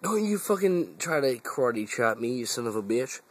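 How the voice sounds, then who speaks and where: A man's voice: mid-range voice, sing-song, slight background noise. A man filming on his phone, teasing and cursing as he coos at his lazy cat. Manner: teasing, cursing, drawn-out baby talk to a cat. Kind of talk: casual phone video talking to a pet cat. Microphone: phone camera.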